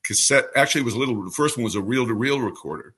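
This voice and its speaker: A man in his seventies from New York City, a veteran baseball radio broadcaster telling stories as an interview guest in a smooth trained announcer delivery. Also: medium pitch, very fast, a little hiss or hum. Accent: New York, mostly trained away. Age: 70s. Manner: relaxed anecdotal storyteller with a polished announcer delivery. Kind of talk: storytelling interview answer.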